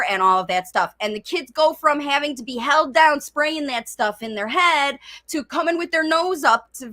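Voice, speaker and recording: A woman's voice: sits high, pushed and bright. A middle-aged woman speech coach giving parents an earnest, conversational talk with emphatic advice. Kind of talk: informal teaching talk to parents.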